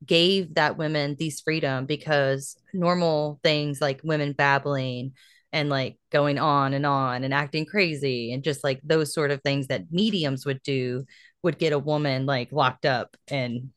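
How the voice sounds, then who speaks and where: Young woman, podcast co-host, low pitch, dry, chatty with fillers. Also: fairly even intonation, a little slow, smooth, no echo. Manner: chatty, laughs easily, lots of fillers. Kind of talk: casual chat.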